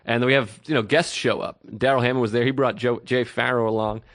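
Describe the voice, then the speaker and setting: A man's voice: mid-range voice, steady tone, brisk, a bit bright, dry recording. A man in his thirties co-hosting a podcast, telling rambling self-deprecating stories in casual chat and acting out the quotes. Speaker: podcast co-host.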